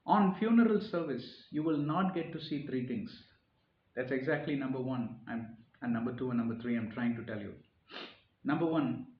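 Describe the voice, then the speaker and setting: A man's voice: mid-range voice, dull audio. Earnest man preaching in an echoey room. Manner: earnest, repeats phrases and restarts, rising emphasis on key points. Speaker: speaker giving a reflective talk. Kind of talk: informal sermon-style reflection.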